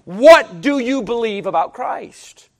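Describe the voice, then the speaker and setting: A middle-aged man preaching a sermon, emphatic, swinging between hushed and loud delivery. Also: extremely high pitch, animated, slow.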